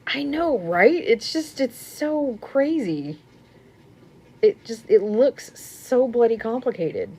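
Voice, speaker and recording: A young woman chatting casually on a crochet live stream at home. She rambles, laughs often and sometimes drops to a soft murmur. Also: on the high side, very animated, measured pace, husky.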